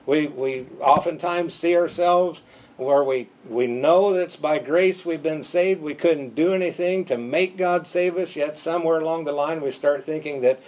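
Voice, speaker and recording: Male preacher, slightly high voice, emphatic and repetitive, light room noise. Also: a little mellow, low-quality recording. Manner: emphatic, repeats words for stress. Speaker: pastor. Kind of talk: sermon.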